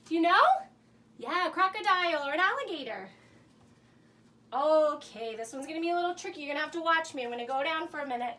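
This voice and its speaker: A woman with a high voice talks fast while hosting a kids' program, encouraging children at home as they try to name animals during charades. She sounds lively and supportive, recording in a home laundry room some distance from the mic, where a faint hum can be heard.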